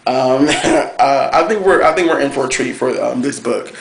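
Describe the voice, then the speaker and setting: A man reviewing a cartoon episode on camera, talking in a gushing, excitable way with plenty of fillers. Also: mid-range voice, normal speed, vocal fry. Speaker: TV review vlogger. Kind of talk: casual chat review. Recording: echoey room.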